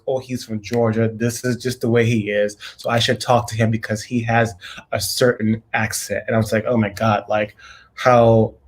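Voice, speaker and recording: A man co-hosting a casual coaching chat, telling stories animatedly and quoting other people. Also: mid-range voice. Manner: animated storytelling with quoted voices. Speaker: co-host coach.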